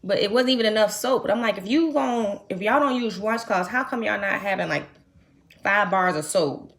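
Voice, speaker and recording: A young adult woman from the United States chatting casually to her viewers, telling a trip story in animated, slangy talk. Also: medium pitch, moderate pace. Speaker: vlogger. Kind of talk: casual chat to camera.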